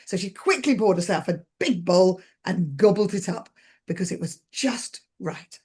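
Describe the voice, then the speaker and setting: Woman storyteller, husky voice, wry and brisk. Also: lowish voice, lively intonation, a little mellow. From England. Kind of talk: oral storytelling performance.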